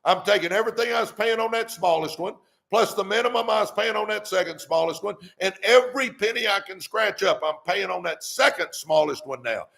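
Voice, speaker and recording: A man's voice: sits high, a little fast, vocal fry, a bit bright. A middle-aged man, hosting a live stream and preaching money advice in a fired-up way that keeps repeating "come on". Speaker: host.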